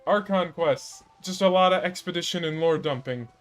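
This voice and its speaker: A woman's voice: fairly low pitch, moderate pace, faint music behind. A woman streamer giving casual gameplay commentary, emotional, giggling and swearing.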